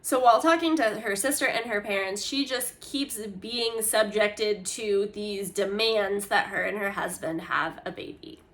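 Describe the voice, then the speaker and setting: A woman host giving a chatty, casual book recap, full of fillers and animated asides. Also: mid-range voice, unhurried, few pauses.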